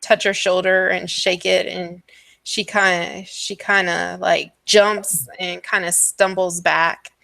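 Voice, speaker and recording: A woman narrating as dungeon master for a tabletop game, halting and full of restarts. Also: fairly low pitch, little pitch movement, creaky, bright, forceful tone, no echo. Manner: halting, many fillers and restarts.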